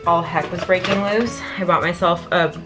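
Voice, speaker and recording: A woman's voice: on the low side, steady tone, normal speed, music in the background. A young woman chatting casually to her camera at home for a lifestyle vlog, filler-heavy and self-deprecating. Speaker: lifestyle vlogger. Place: home, kitchen and indoors.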